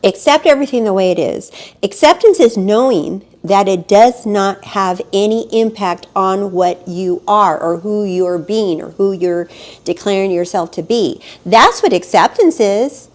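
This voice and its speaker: A woman coach delivers a motivational monologue close to the mic. Her voice sits at a middle pitch and climbs into emphatic, animated bursts. Now and then she acts out panicked inner voices. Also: measured pace. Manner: animated, rising to emphatic outbursts. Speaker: spiritual life coach.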